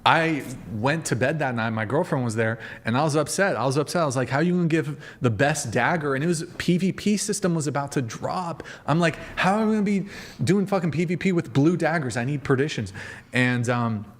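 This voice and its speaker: A man's voice: fairly high pitch, fairly quick. A man hosting a podcast livestream, chatting casually, rambling and swearing as he talks straight to his viewers. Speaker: podcast host.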